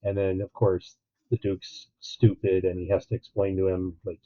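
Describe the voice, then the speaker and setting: A man co-hosting a podcast, chatting casually about a film, animated and acting out quotes with a laugh. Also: sits low, normal speed. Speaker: podcast co-host. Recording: tinny phone-like line.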